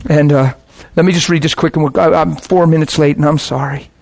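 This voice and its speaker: A man's voice: fairly high pitch, steady tone, fairly quick, gravelly. A middle-aged man, a pastor, preaching a sermon in a passionate, conversational way.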